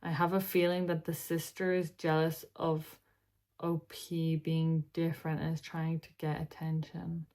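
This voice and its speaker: A tired woman with a lowish voice reads online posts aloud for her channel, stopping often for casual, sighing remarks of her own. She keeps it loose and chatty, as if talking to friends late at night. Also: completely flat delivery, unhurried, darkish tone. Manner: chatty, sighing, breaks off to talk to her pet. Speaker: reaction video host.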